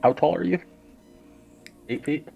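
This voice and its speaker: A man's voice: a little high, unhurried, gravelly, phone-quality sound, faint music behind. A man running a tabletop game as game master, talking with hesitant fillers.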